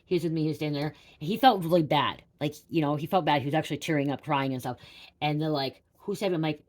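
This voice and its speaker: A woman's voice: deep voice, fast talker, a little mellow. A woman psychic telling a personal story to her viewers in a rambling, repetitive way, swearing casually and often saying "you guys.". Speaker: psychic reader.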